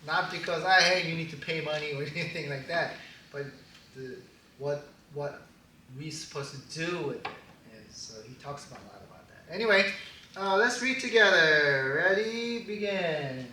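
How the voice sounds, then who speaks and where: A man preaching a casual sermon as pastor, animated and quick to laugh at his own jokes. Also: fairly high pitch, a little hiss or hum. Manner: animated, laughing, joking asides. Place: church hall. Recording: echoey hall, distant mic.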